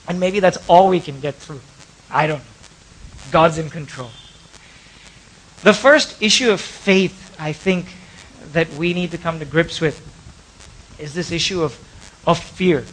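A man preaching a sermon in a church, impassioned, stretching out key words and dropping to soft asides. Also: a little high, slightly rough, low-quality recording. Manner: impassioned, drawn-out emphatic words, sudden drops to soft asides. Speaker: pastor.

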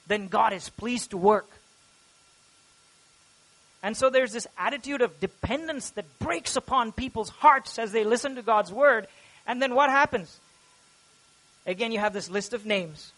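A man preaching a sermon as pastor, earnest and animated, rising loud when he acts out quoted prayers. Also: high voice, measured pace, rough recording.

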